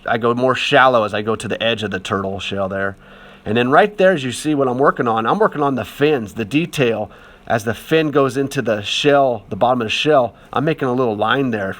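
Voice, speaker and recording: A man's voice: medium pitch, fairly bright tone. Male art teacher with a mid-range voice, chatty, easygoing voice-over. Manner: chatty and encouraging, lots of fillers. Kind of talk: casual voice-over demonstration.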